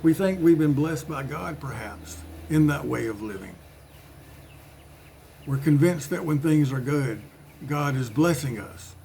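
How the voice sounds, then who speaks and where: Gravelly-voiced man preaching casually. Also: fairly high pitch, lively intonation, a little slow, mellow, slight background noise. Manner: conversational, with playful voiced asides. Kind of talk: informal sermon.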